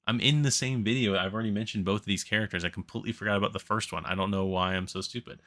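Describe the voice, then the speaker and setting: Sleepy male game-channel host, low-pitched and rambling, keeps correcting himself. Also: level tone, rapid-fire, sharp tone. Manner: rambling, self-correcting, laughs at his own slips. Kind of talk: casual solo commentary on a crowdfunding campaign.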